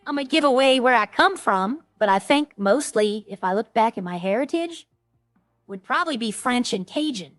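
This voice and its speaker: A woman streamer talks in a loose, rambling way, chatty and quick to poke fun at herself. Her voice sits a little high, close and dry on the mic, with soft music underneath. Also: expressive, no room sound. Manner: rambling, chatty, self-deprecating. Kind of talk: casual chat to stream viewers.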